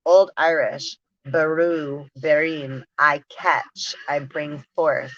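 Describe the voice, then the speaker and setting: A woman with a low, bright voice reads through word lists at an unhurried, drawn-out pace, breaking into giggles now and then. The sound is dry and a bit dull, like a simple home recording. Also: steady tone, no echo. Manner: slow, drawn-out word reading with frequent giggles. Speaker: spiritual channel host. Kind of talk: reading word lists aloud, casual musing.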